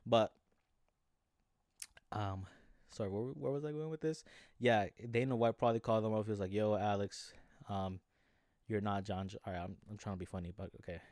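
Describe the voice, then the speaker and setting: A man's voice: fairly low pitch, fairly quick, long pauses, darkish tone, dry recording, studio quality. A man talking casually about fight news in a rambling way, full of restarts and fillers. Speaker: MMA commentary YouTuber. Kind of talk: casual talk.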